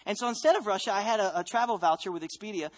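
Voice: medium pitch, rapid-fire. A speaker from the United States giving a personal faith testimony, telling the story earnestly and reflectively, often restarting phrases.

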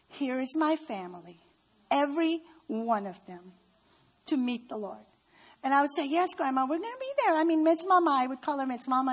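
A woman with a high-pitched voice tells stories of her family in a personal testimony talk. She speaks heartfelt and unhurried, leaning on key words. She is middle-aged. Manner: heartfelt, storytelling with slow emphasis. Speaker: speaker at a women's gathering.

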